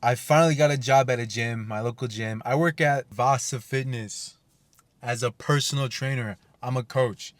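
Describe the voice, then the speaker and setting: Young man, casual vlog storytelling, rambling, swears a lot, mid-pitched voice, dry close sound. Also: fairly even intonation, normal speed, no echo. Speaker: personal trainer vlogger.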